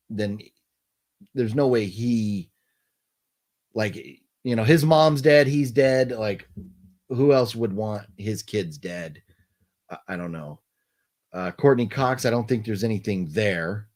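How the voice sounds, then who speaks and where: Brief: a male stream host musing out loud, middle pitch, animated delivery. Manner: rambling, thinking aloud with many restarts. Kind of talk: casual late-night chat.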